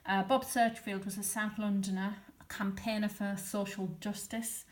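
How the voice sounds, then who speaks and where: A woman's voice: mid-range voice, little pitch movement, moderate pace, reverberant. A woman chatting casually and wryly, explaining a stitched diary with lots of ums and uhs. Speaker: textile artist explaining her stitched diary.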